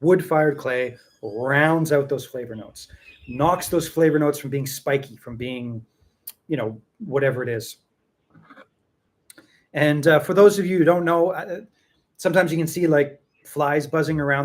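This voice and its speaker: A man's voice: on the high side, unhurried. A man hosting a casual tea tasting chat, rambling and repeating himself for emphasis. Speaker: tea seller and show host.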